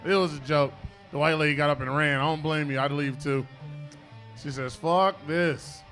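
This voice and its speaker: Guy emceeing a comedy night, loose rambling jokes, kinda high bright voice, live club mic. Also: fairly even intonation, fairly quick, soft background music. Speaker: comedy show host. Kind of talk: stand-up comedy.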